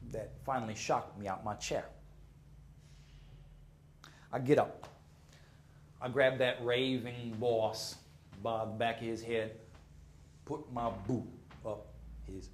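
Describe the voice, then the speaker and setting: A man performing spoken word poetry on a gallery stage, rhythmic and theatrical, swinging between loud bursts and hushed whispers. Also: on the high side, slight background noise. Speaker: slam poet. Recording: roomy live gallery sound, faint ambience.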